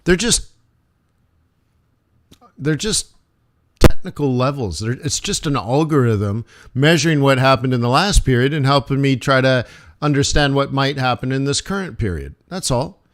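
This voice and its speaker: A man's voice: medium pitch, lively intonation, normal speed. Casual rambling male forex streamer. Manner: casual, rambling, joking asides. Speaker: forex trader hosting a live stream. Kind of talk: live trading commentary.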